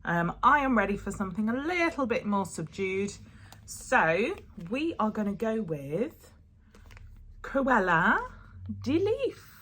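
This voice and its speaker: A woman walks her viewers through a beauty tutorial, chatty and instructive. Her voice sits in a middle pitch, and she wanders off track now and then before coming back to the steps. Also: very animated, measured pace, a bit bright, a little hiss or hum. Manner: chatty, instructive, slightly rambling. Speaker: beauty vlogger. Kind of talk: step-by-step nail tutorial.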